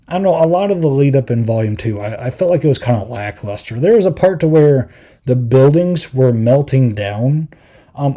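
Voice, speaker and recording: A man's voice: medium pitch, mellow. A man hosting a podcast, giving a rambling, filler-heavy review in casual chat, exasperated and given to acting out quotes in mocking voices. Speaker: podcast host.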